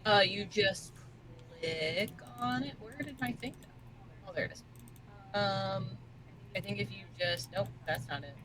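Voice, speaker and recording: A woman's voice: medium pitch, unhurried, long pauses, rough recording. A woman playing a tabletop game who talks in a playful, teasing way. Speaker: player.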